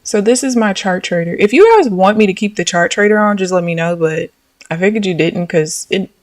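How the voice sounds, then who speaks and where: A woman's voice: fairly low pitch, dry recording, recorded from a distance. Exasperated, swearing young woman storyteller. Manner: chatty, exasperated, swears freely, slangy. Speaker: live trading streamer. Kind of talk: casual storytelling while trading live.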